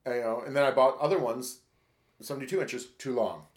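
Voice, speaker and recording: A man's voice: medium pitch, fairly quick. A man co-hosting a podcast in casual chat, candid and profane, acting out his own inner dialogue. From Michigan. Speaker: podcast co-host. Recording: roomy echo.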